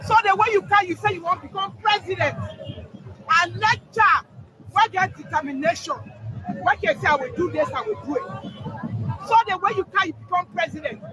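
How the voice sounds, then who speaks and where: A woman's voice: very high voice, a little fast. A woman with a Liberian English accent interviewed on the street, speaking in an earnest, motherly, pleading way. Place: outdoors on a busy street. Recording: outdoor crowd and traffic noise.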